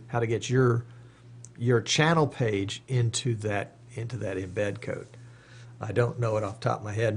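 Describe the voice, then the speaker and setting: A man's voice: lowish voice, gravelly. A man hosting a live stream, reading viewer comments aloud and answering them off the cuff in casual chat.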